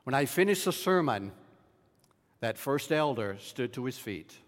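A man preaching a sermon, telling a personal story with dramatic swings and quiet, hushed moments. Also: medium pitch, very animated, measured pace. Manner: dramatic storyteller, dropping to a hush in tender moments. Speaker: pastor. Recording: reverberant hall.

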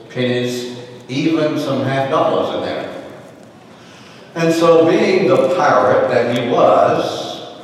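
Slow-telling man in an echoey hall. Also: medium pitch, far from the mic, a little hiss or hum. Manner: slow, deliberate storytelling with soft, hushed moments. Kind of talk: sermon storytelling.

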